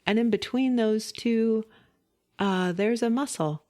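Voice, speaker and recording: A woman voice teacher gently guiding listeners through a vocal warm-up, giving calm step-by-step instructions with light laughs. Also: fairly high pitch, takes it slowly. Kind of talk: guided vocal warm-up lesson.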